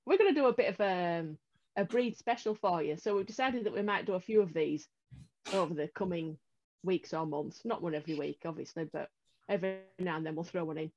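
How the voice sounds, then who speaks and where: A woman's voice: on the low side, brisk, darkish tone, dull audio, faint music behind. British woman, playful podcast chat. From United Kingdom. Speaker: podcast co-host. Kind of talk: casual chat.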